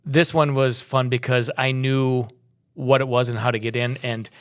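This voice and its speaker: A man's voice: mid-range voice, level tone, moderate pace, smooth. A middle-aged man from Minnesota co-hosting a travel podcast, telling stories in a rambling casual chat. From Minnesota, USA. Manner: rambling, storytelling with restarts.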